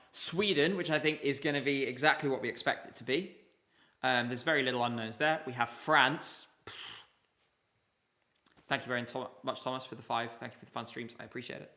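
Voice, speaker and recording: A man's voice: medium pitch, bright, forceful tone. A man hosting a casual live stream, chatty and rambling, chatting with viewers from his desk. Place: home room at a desk with laptops.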